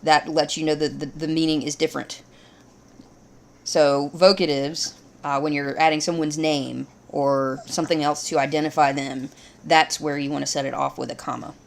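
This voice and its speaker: Woman, low gravelly voice, patient grammar teacher walking through examples. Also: moderate pace. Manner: steady, explains step by step. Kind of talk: grammar lesson.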